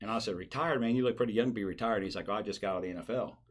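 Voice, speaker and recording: Fast-talking man telling stories. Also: on the low side. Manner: animated storyteller, acts out the people he quotes. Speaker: sports marketing guest telling stories. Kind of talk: casual storytelling chat.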